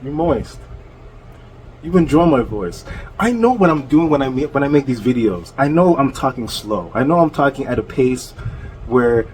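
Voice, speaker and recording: A man's voice: medium pitch, sing-song, darkish tone, low-quality recording. Mocking man ranting with faint hiss. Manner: mocking, laughs often, slow deliberate delivery. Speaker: channel host. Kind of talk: confrontational rant.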